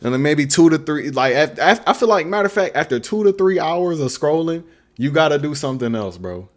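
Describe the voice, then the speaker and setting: A young beatmaker streams a casual livestream Q&A, laid-back, slangy, and rambling, with a faint beat playing behind him. His fairly high voice is expressive and a little fast.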